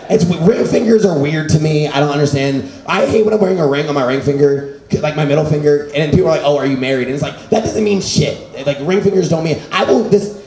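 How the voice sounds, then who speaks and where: A man performs a stand-up set into a stage mic, his voice sitting a little high for a man. He rambles in a loose, filler-heavy way. The room is echoey, with an audience clearly audible. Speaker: stand-up comic. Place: small comedy venue with an audience.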